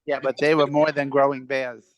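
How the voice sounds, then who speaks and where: A movie club member chatting casually, teasing the host and reacting quickly. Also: mid-range voice, little pitch movement. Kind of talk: casual chat.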